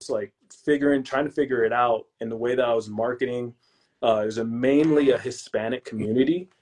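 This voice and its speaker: A young man who is a podcast guest and real estate investor, chatting casually and telling lively stories in relaxed, slangy speech. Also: mid-range voice, brisk. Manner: relaxed and slangy, calls the hosts "bro"; lively storyteller who acts out his own past lines. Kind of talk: casual interview chat.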